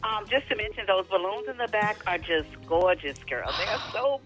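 A woman's voice: mid-range voice, animated, normal speed, muffled recording, faint music behind. A woman calling in by phone to a talk show, close to tears, gushing with pride and affection. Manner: tearful and gushing, fighting back tears. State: close to crying. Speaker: caller. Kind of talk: emotional call-in tribute. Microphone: phone line.

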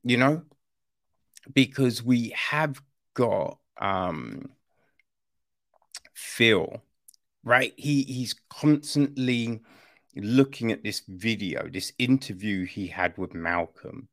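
A man's voice: medium pitch, slow pace, pauses often. A man giving a casual spoken film review, often tagging his points with "right?" and "you know". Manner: conversational, keeps asking "right?"; swears casually.

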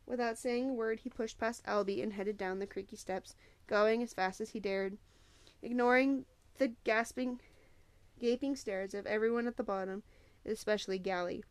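A woman's voice: mid-range voice, normal speed, smooth, dry recording. Woman reading a novel in a dry close sound. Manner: steady storytelling with small slips. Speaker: audiobook narrator.

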